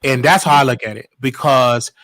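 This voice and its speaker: A man's voice: medium pitch, steady tone, normal speed, fairly bright tone, no room sound. A man hosting a livestream interview, casual, asking questions and giving short affirmations. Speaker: host.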